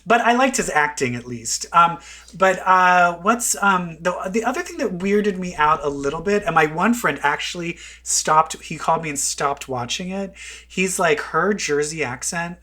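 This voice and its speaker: A man's voice: high voice, expressive, normal speed, bright, forceful tone. A man co-hosting a podcast in casual chat, rambling and breaking off his own sentences. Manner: rambling, self-interrupting, chatty. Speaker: podcast co-host.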